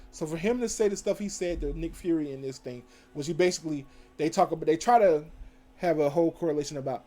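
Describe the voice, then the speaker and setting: A man recapping TV episodes in a casual, slangy, animated way, full of fillers and self-corrections. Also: on the high side, fast. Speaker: TV show reviewer. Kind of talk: casual recap with acted quotes.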